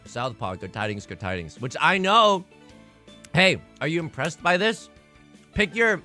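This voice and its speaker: Excitable young man streaming a game. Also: a little high, moderate pace, soft background music. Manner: excitable, swings from loud outbursts to mumbling asides; laughs often, self-mocking. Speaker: streamer playing online mahjong. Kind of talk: casual livestream chat and commentary.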